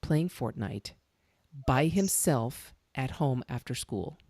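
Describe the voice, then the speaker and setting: Middle-aged female podcast host; chatty, animated storyteller; dry close recording. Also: rumbling low, takes it slowly, no room sound. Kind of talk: casual interview chat.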